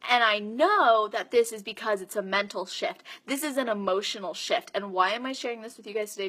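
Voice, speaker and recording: A woman's voice: mid-range voice, a bit bright. A woman fitness coach earnestly telling her viewers a story, stressing points with frequent check-ins. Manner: earnest, emphatic, addresses viewers with frequent "okay?".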